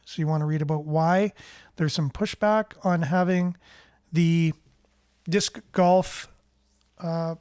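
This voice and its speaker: A man hosts a casual news roundup, his voice high and smooth. He talks in a relaxed, rambling way, reading out comments from viewers. The sound is close and dry. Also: no room sound. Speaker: host of a local news show.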